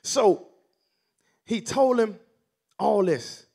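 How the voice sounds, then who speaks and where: A male minister preaching a sermon with call-and-response, building from calm teaching to near shouting. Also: high voice, drawn-out words, gravelly, husky.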